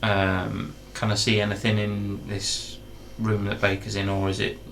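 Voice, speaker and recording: A man playing a tabletop game, talking hesitantly with many pauses and ums. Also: fairly low pitch, completely flat delivery, vocal fry, a bit bright, a little hiss or hum. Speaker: player. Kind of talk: tabletop game play, casual.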